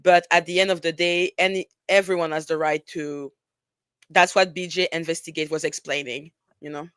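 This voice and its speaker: A woman's voice: sits low, fairly even intonation, normal speed, fairly bright tone, smooth, dry recording. A woman with a French accent co-hosting a podcast, reading news aloud carefully and then commenting on it. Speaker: podcast co-host.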